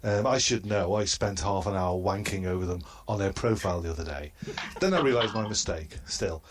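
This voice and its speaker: A man doing a comedy roast in a halting, hesitant delivery and chuckling at his own crude jokes. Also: low-pitched. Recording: noisy line.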